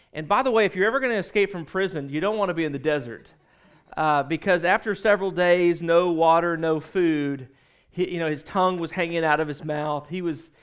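High-voiced man preaching a sermon. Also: clean tone. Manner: conversational storytelling with self-corrections. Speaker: pastor.

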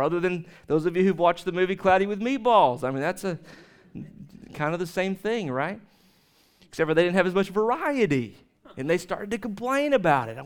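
Smooth-voiced preacher man with a high voice. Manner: conversational, animated storytelling with laughs and asides. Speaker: pastor. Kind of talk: sermon.

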